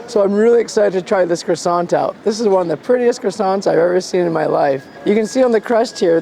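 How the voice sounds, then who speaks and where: A man's voice: high voice, brisk, gravelly, few pauses, a little mellow, slight background noise. A man with a stuffy nose, playfully reviewing pastries in a casual outdoor food vlog. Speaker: food vlogger in costume.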